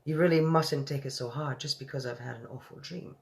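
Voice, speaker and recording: A woman's voice: very deep voice, a little fast, vocal fry, a little mellow. A woman reading a storybook aloud and voicing a refined, self-controlled elderly queen with a posh, exclamatory manner. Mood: commanding.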